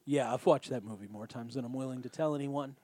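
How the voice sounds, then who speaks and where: A man talking through a show recap in a loose, casual way, swearing freely as he goes. His voice sits at an ordinary middle pitch. It is recorded close and dry, with no room sound. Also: fast talker, darkish tone, no echo. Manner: swears freely, acts out scene dialogue. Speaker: podcast co-host.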